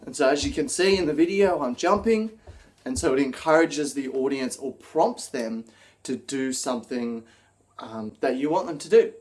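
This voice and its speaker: Energetic man coaching public speaking. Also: mid-range voice, normal speed. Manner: energetic, acts out example lines. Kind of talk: instructional video presentation.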